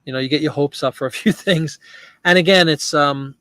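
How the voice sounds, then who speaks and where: A man's voice: fairly high pitch, fairly quick, sharp tone, no echo. A man hosting a live chat show, talking casually and rambling with restarts and asides.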